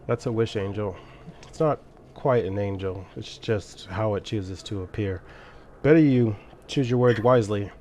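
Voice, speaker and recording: Man doing a quiet, guarded warrior. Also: lowish voice, moderate pace, slight background noise, lightly acted. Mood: warning.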